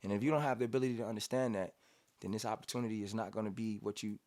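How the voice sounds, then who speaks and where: A man's voice: on the low side, racing. A man in his thirties from Cincinnati, a rapper telling stories casually in a studio interview, acting out quotes and humming beats. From Cincinnati, USA. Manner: animated storyteller, acts out quotes, hums beats. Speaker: rapper guest.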